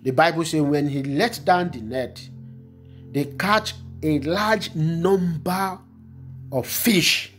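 A man's voice: fairly high pitch, takes it slowly, a bit bright, faint music behind. A man preaching fervently as a pastor, repeating phrases and praying in tongues. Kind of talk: online prophetic sermon and prayer.

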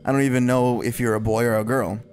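A man reading game dialogue aloud as an eerie, self-aware teenage girl who is the club president, in a soft, low, creepy voice. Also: level tone, fast, faint music behind, close to an everyday voice. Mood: creepily intimate.

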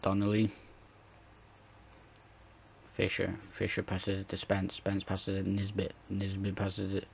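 A man commentating live on his football-management game, chatting to viewers and shouting and swearing at the match as it plays. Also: on the low side, fairly even intonation, a little slow, vocal fry, long pauses, slightly rough. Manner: talks to viewers, chatty and rambling. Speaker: gaming YouTuber.

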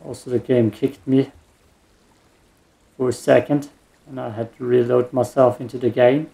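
A man's voice: medium pitch, steady tone, normal speed, vocal fry, dark tone. A man giving casual let's play commentary while gaming, with meandering mumbled asides. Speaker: gaming streamer.

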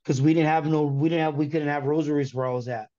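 A man in his thirties from California giving a candid personal testimony, earnest and halting, often restarting his sentences. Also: a little high, fairly even intonation, dark tone, highs cut off. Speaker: guest telling his conversion story.

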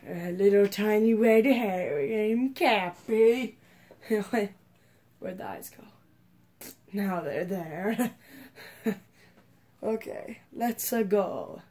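A woman doing let's play commentary who giggles often and breaks into excited shouts. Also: medium pitch, drawn-out words, long pauses. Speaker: gamer.

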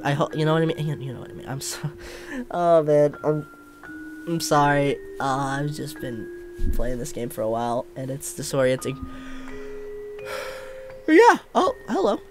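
A man giving casual, halting let's play commentary, full of restarts and uhs. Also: on the high side. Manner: rambling, halting, full of uhs and self-corrections.

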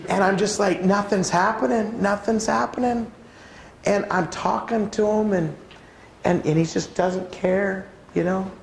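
A man giving a preaching talk at a church conference, telling personal stories in an animated way. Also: unhurried, gravelly, a little hiss or hum. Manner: animated, swings pitch widely while acting out stories. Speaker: conference speaker. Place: church auditorium. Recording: roomy church hall sound.

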